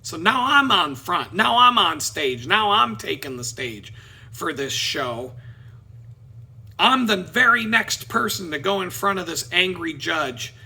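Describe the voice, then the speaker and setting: A man vlogging, telling a story in a casual, profane, animated way. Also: high-pitched, measured pace, vocal fry, slightly rough. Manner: profane, animated, laughing at his own story.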